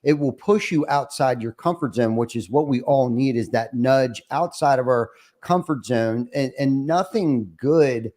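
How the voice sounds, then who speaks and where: A man's voice: medium pitch, unhurried, hardly any pauses, a little mellow. Reflective man hosting a podcast. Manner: reflective, many restarts and fillers. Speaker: podcast host. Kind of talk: casual interview chat.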